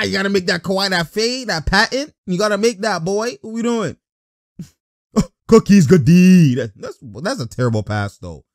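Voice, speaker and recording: An excitable man calls out basketball plays in loose slang and keeps breaking into laughter. His pitch swings all over the place, yet he talks at an unhurried pace. The sound is dry and close. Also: dry recording. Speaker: basketball highlight reactor. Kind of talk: casual reaction commentary.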